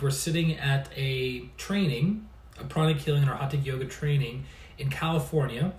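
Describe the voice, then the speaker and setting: Male healer-coach, casual storyteller, lightly raised voice, echoey far-off recording. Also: on the high side. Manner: chatty, laughs often, restarts phrases. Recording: roomy sound, mic at a distance.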